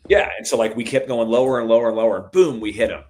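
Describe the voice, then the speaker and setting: A middle-aged man telling stories in a relaxed conversation, calling the listener "dude" a lot and getting animated at the exciting parts. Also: mid-range voice, very fast. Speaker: podcast guest. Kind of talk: casual storytelling chat.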